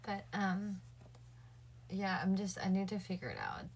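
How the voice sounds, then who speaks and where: A woman's voice: mid-range voice, big pitch swings, a little slow. A woman livestreaming late at night, chatting casually with her viewers and thinking aloud. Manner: chatty, addresses her viewers and chat directly.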